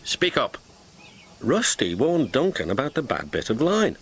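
A man narrating a children's storybook with gentle, expressive telling. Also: medium pitch, moderate pace, a little hiss or hum. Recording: music playing behind.

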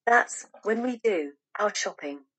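A woman voicing a big, hungry, polite female bear in a storybook reading, with an apologetic, chatty manner and a husky voice. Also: mid-range voice, expressive, slow pace, a bit bright.

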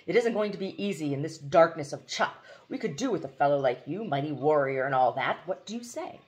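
A woman's voice: low-pitched, expressive, a little fast, darkish tone. Woman reading as a blustering old-school army general. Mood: hearty. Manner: bluff, barking exclamations. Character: blustering hearty middle-aged army general.

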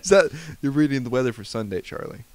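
A man's voice: mid-range voice, animated, quick pace, poor audio. A young man co-hosting a podcast, teasing and laughing often in casual banter at a desk mic. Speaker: podcast co-host.

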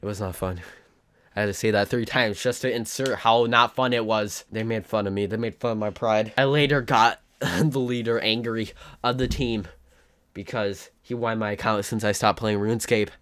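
A man's voice: on the low side, steady tone, moderate pace, a bit bright, smooth. A teenage boy telling a rambling, self-mocking story in a casual vlog. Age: teens. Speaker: YouTuber.

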